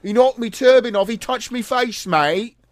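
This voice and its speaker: A man's voice: extremely high pitch, normal speed, no room sound, pitched above the performer's own voice. A man doing a mocking caricature of a complaining man with a whiny, squealing delivery.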